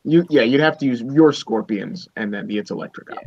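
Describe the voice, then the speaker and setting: A man's voice: medium pitch, fairly quick, background noise. A man co-hosting a casual gaming chat show, earnestly explaining tactics and his reasons for doing the show. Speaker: podcast co-host. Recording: dull, slightly lo-fi dry sound.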